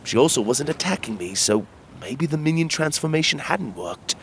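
A man narrating a children's fantasy adventure in the first person, reading at a measured, steady pace. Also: fairly high pitch, slight background noise. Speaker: storyteller.

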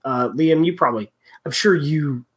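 Man, podcast host, fairly high pitch, casual chat, halting, lots of fillers. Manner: halting, many restarts and fillers.

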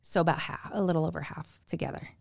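A woman's voice: low-pitched, fast, gravelly, no room sound, clean studio sound. A woman in her forties telling family stories in a casual chat, acting out the people she quotes with big jumps in her voice. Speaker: podcast guest. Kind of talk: casual storytelling.

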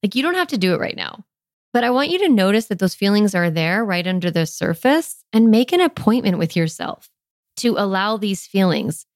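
A woman's voice: medium pitch, big pitch swings, normal speed, dry recording. Chatty woman podcast host, dry sound. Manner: warm, chatty, lots of "like" fillers. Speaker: parenting podcast host and coach. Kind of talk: podcast monologue.

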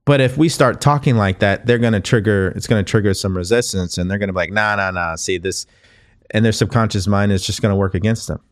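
A man with a fairly low voice speaks as a motivational coach on his own show. He talks in an earnest, conversational way, often circling back and restarting phrases to press his point. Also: fast, hardly any pauses. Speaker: podcast host and coach. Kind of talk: motivational monologue.

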